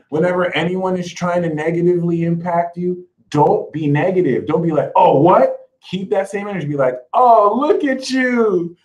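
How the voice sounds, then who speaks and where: A man's voice: fairly high pitch, rough recording. Sassy, emphatic man giving astrology advice. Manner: sassy, emphatic, mocks imagined critics in put-on voices. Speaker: astrology reader. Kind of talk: spiritual advice monologue.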